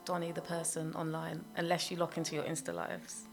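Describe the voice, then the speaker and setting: A woman interviewing a guest in a casual chat, friendly and quick to laugh. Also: low voice, monotone, soft background music. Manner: friendly, quick to laugh, short encouraging replies.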